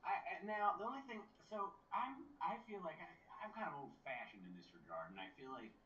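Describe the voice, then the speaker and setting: A man co-hosting a podcast in casual chat, rambling and animated. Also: on the high side, brisk, slight background noise. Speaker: podcast co-host. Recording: dull, roomy, far from mic.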